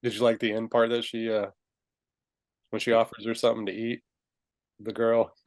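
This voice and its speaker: A man co-hosting a casual film review chat, laughing often and acting out movie lines in quick high voices. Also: little pitch movement. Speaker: podcast co-host.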